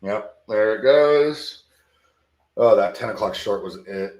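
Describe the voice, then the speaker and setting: In an echoey room, a drowsy futures trading streamer speaks slowly with a low, darkish voice, yawning as he thinks aloud in a casual way and frequently repeats words.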